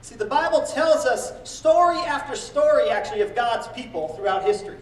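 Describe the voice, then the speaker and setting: A man preaching a sermon as pastor, animated and acting out quoted prayers and boasts. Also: very high-pitched, brisk, roomy sound, recorded from a distance, poor audio. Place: church.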